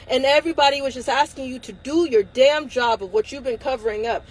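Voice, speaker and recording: A woman hosting a livestream delivers an impassioned, angry and defiant rant, swearing often and at times laughing through near tears. Her voice sits high, and the recording quality is low.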